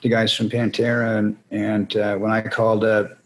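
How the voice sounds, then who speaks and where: A man's voice: on the low side, monotone, normal speed, a little hiss or hum, poor audio. A man, a band frontman, telling rambling, salty anecdotes in an interview and acting out other people's voices. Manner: rambling anecdotes, acts out voices in quotes, swears freely. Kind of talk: casual storytelling interview.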